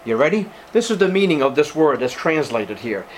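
A man's voice: a little high, big pitch swings, brisk, a little hiss or hum. A man preaching a sermon to his congregation as pastor, emphatic, repeating key words and calling his listeners beloved. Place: church service with congregation.

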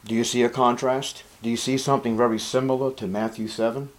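A man's voice: medium pitch, little pitch movement, fast talker. A man preaching a Bible sermon, emphatic and dramatic, sometimes dropping to a whisper. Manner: emphatic, drops to a whisper for quoted lines.

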